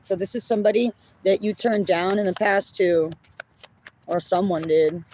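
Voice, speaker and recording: A woman's voice: mid-range voice, steady tone, normal speed, warm tone. A woman giving a collective tarot reading in casual talk, blunt and often apologizing, swearing when she gets upset. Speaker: tarot reader.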